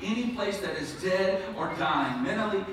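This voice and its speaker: A man preaching an Easter sermon in church, emphatic and swinging between soaring calls and hushed asides. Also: high-pitched, expressive, normal speed, background noise. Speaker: pastor. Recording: echoey hall from far off.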